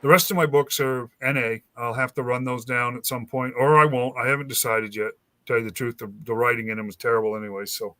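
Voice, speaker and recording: A man's voice: medium pitch, fast talker, few pauses, no room sound. A man hosting a casual chat, telling a rambling story and acting out the dialogue. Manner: rambling, animated, acts out quoted dialogue. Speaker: host.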